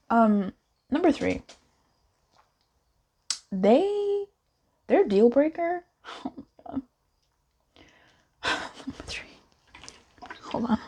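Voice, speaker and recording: A woman's voice: sits high, very animated, very slow, pauses often, a little mellow. A woman giving a casual pick-a-card tarot reading in a playful, chatty way, joking aloud with spirit as she goes.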